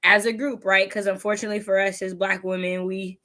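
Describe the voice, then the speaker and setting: A woman hosting a casual book discussion, animated and laughing as she acts out her own reactions. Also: mid-range voice, a little fast. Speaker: readathon host. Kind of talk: casual video-call book chat.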